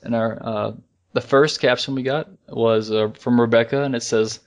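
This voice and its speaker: A man co-hosting a casual fan podcast, rambling in a relaxed way, with restarts and chuckles. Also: mid-range voice, moderate pace, highs cut off. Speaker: podcast co-host.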